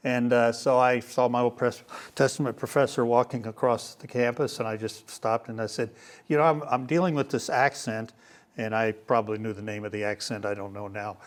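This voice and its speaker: An older man teaching a Bible class in a relaxed lecture style, pausing often with fillers and restarts. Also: fairly low pitch. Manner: hesitant, many fillers and restarts. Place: room with a live class.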